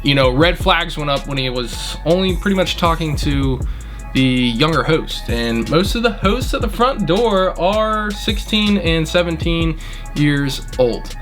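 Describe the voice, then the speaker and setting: A man's voice: a little high, lively intonation, measured pace, over music. Indignant young man telling a story. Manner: indignant, blunt, swears freely. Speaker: restaurant manager. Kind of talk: casual storytelling.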